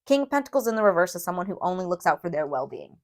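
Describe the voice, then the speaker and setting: A woman giving a tarot reading to viewers, emphatic and emotional, often checking in with a quick "okay?". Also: fairly low pitch, big pitch swings. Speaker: tarot reader.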